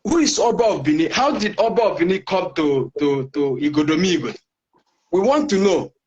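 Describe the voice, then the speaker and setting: A man with a Nigerian accent calling in, halting and repeating words as he argues. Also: sits high, expressive, a little mellow, slightly rough, dull audio. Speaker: caller.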